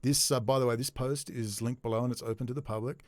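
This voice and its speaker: A man's voice: medium pitch, fairly even intonation, quick pace, no room sound. Sarcastic, ranting man, dry close sound. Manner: sarcastic, swings from muttering to loud mocking outbursts. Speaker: commentary host. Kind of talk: ranting solo commentary.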